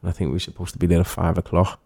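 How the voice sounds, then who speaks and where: A Liverpool-accented actor chats through stories in a casual interview, imitating others' voices as he goes. His low, creaky, slightly mellow voice comes rapid-fire with little pitch movement.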